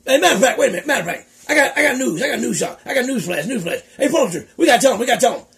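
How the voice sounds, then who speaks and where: A man voicing an excitable, forgetful male bird puppet who talks loudly, giggles and mixes up his words in comic banter. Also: very high-pitched, very fast, gravelly, full character voice. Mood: excited.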